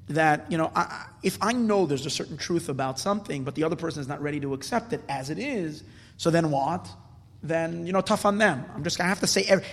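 A man's voice: high-pitched, a bit bright. A man giving a spoken Torah class, earnest and emphatic, often repeating words as he explains. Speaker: Torah teacher. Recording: long hall reverb.

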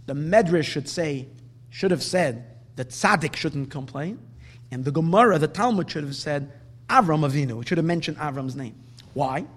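High-voiced man giving a Talmudic lecture. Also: expressive. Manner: explanatory, drawing out Hebrew quotes slowly. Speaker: Torah teacher.

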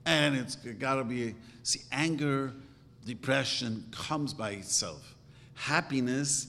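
A man speaking as a rabbi gives an informal religious talk in a medium-pitched, slightly bright voice with a long reverb tail. He's earnest and emphatic, telling stories with sudden rising bursts.

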